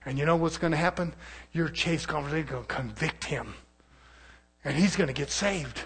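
A man preaching a fervent sermon, swinging from loud, rising shouts to low, quiet stretches. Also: brisk, slightly rough.

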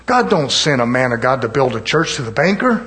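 A man preaching a sermon in a fervent cadence, punctuating it with amens and hallelujahs, slowing down low on scripture lines. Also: sing-song, a bit bright.

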